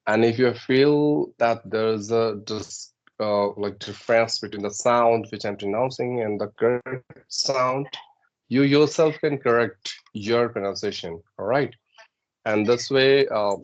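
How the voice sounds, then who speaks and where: A man's voice: lowish voice, highs cut off. A man, a podcast guest explaining pronunciation tips step by step, with frequent "uh"s and "right?" checks. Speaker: guest giving English tips. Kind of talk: instructive podcast chat.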